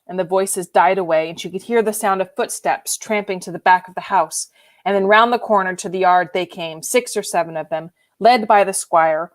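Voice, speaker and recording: A woman reading a novel aloud in an expressive, emotionally involved way. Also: mid-range voice. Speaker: reader. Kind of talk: audiobook reading.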